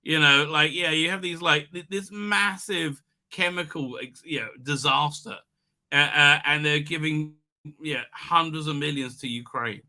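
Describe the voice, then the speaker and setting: A man with a croaky voice from being sick, hosting a rambling casual livestream. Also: a little high, a little slow, sharp tone. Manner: rambling, many restarts and fillers. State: hoarse from illness. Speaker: livestream host.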